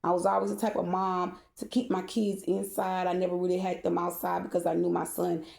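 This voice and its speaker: Mad mom ranting and cussing, gravelly dark voice, echoey room. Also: female voice, on the low side, monotone, a little fast. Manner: cursing, heated and repetitive, rising to shouting. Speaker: mother venting to viewers. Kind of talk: angry rant to camera.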